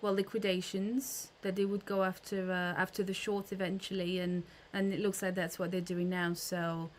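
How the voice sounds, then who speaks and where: A woman's voice: lowish voice, little pitch movement, normal speed, slight background noise. Chatty woman hosting a livestream. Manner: chatty, greets viewers by name, frequent fillers and restarts. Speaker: livestream host. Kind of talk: casual livestream chat.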